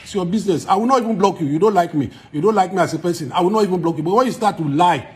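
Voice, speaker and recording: A man's voice: high-pitched, rapid-fire, slightly rough. A man from Nigeria with a Nigerian accent, a musician giving an emphatic statement straight to camera. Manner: emphatic, quotes others in lively bursts.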